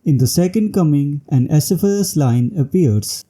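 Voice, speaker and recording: A man's voice: on the high side, animated, moderate pace, mellow. A man reading a scripted English literature lecture in a formal manner, announcing each section heading.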